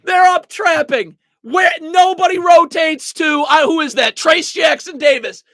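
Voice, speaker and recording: A high, exasperated voice breaks down basketball game film play by play, shouting and cursing at the defense. The sound is dry and close, with no room around it. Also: measured pace, no echo. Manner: breaks into helpless laughter.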